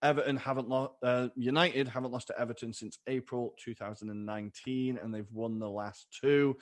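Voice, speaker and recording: A chatty man co-hosting a podcast, talking in a middle-pitched voice. He is upbeat and breaks into laughs as he rattles through the weekend's fixtures. It is relaxed, casual football chat into a podcast mic. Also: a little fast. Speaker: podcast co-host.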